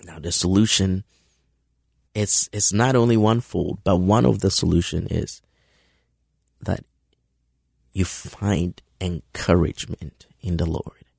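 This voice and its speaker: Slow, deep, gravelly preacher man. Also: fairly even intonation, darkish tone, dry recording, studio quality. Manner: halting, repeats words, many restarts; earnest, encouraging. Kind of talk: sermon.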